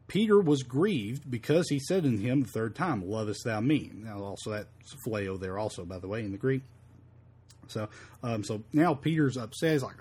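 A man's voice: mid-range voice, lively intonation, a little mellow, breathy edge. A man leading a verse-by-verse Bible study, quoting scripture in old-fashioned wording and often stumbling and repeating words. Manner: halting, repeats words, fills with um and uh. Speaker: Bible teacher.

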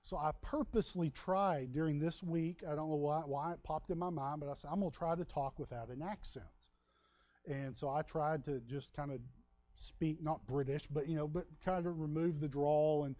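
A man's voice: a little high, fairly even intonation, moderate pace, mellow, no echo, lo-fi sound. A man from Texas with a Texan drawl, preaching a sermon in a folksy, conversational way with asides to the congregation. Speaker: pastor.

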